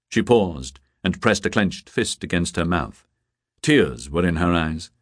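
A man narrating a novel as an audiobook, measured and expressive. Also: deep voice, dry recording, studio quality. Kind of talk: scripted narration.

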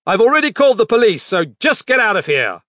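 A man voicing a frightened, angry father who shouts in a panic. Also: sits high, huge pitch swings, moderate pace, gravelly, husky, no room sound, studio quality, pitched above the performer's own voice, exaggerated voice.

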